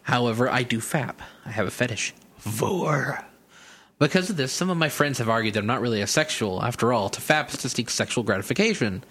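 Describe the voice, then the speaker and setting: A man's voice: medium pitch, lively intonation, fast talker, few pauses, a bit bright. Man reading a listener email. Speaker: podcast co-host.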